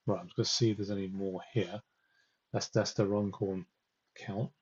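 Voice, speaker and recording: A man's voice: low-pitched, level tone, normal speed, darkish tone, slightly rough, muffled recording. A man hosting a live political stream, commenting on election results with an exasperated, ranting manner as he reads the numbers out to viewers. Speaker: political livestream host.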